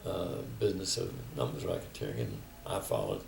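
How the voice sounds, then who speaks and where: Older man, gravelly voice, echoey room. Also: rumbling low, sing-song, a little fast, darkish tone, recorded from a distance. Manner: reflective storytelling, quoting others. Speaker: interviewee. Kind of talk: oral history interview. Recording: echoey room, faint background noise.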